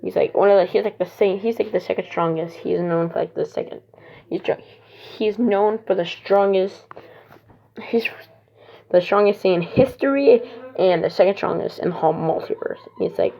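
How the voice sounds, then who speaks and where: Rambling gravelly woman storyteller. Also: mid-range voice, moderate pace. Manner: rambling, full of "he's like" and restarts. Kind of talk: casual improvised fan story. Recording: dull lo-fi recording.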